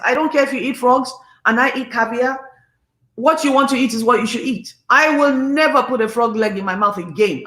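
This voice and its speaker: A woman in her fifties with a Nigerian accent talks straight to her livestream viewers. She is passionate and emphatic, and she drives each point home like a sermon. Her voice is bright and forceful, and it rings in an echoey room. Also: high voice. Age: 50s. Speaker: livestream host. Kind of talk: casual livestream talk.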